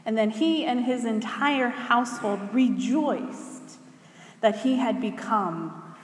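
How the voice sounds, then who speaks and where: A woman preaching in a large room, her slightly high voice ringing with roomy echo and a long hall tail. She reads scripture at an unhurried pace, then turns to her listeners with measured rhetorical questions. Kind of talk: scripture reading then sermon. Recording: echoey hall with long reverb.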